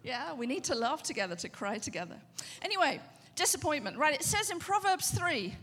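A woman pastor preaching a sermon in a conversational, animated way, often asking the audience questions. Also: sits high, moderate pace, hardly any pauses, breathy edge, big-room sound.

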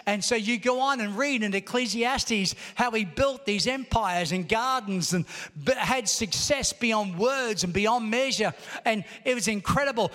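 High-voiced preacher in a reverberant hall. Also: male voice, unhurried, fairly bright tone. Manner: storytelling, rising to emphatic exhortation. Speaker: pastor. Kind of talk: sermon. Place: large church auditorium.

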